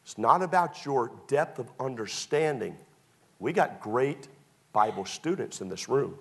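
A man preaching a sermon, telling stories with big swings from loud to hushed. His voice is husky and gravelly, and his pitch moves widely. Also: lively intonation, measured pace. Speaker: pastor.

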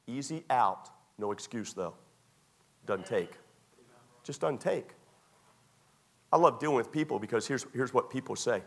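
A man preaching a sermon from the pulpit in a middle-pitched voice. He hammers phrases again and again, then often drops to a quiet, low-key tone. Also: animated, moderate pace, long pauses. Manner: emphatic, repetitive, often dropping to a quiet tone. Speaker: pastor.

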